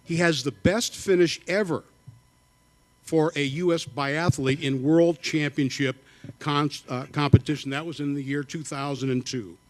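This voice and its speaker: A man's voice: a little high, steady tone, a little slow. A man emceeing a hall of fame banquet, joking wryly between speakers and introducing the next presenter. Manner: wry, joking, conversational.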